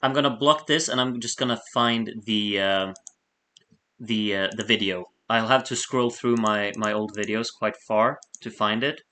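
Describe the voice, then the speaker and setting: A man's voice: fairly low pitch, moderate pace, bright, forceful tone. Chatty man rambling on a late stream. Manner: rambling, laughs often, reads chat aloud. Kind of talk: casual live-stream chat.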